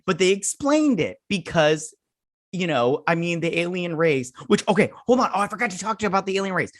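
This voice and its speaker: A man's voice: high-pitched, very animated, a little fast, a bit bright, dry recording. Male online reviewer, sarcastic and mocking, casual rant, dry deadened room. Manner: sarcastic, mocking, acts out characters in silly voices. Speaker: video host reviewing a TV episode. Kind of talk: casual spoiler recap and rant.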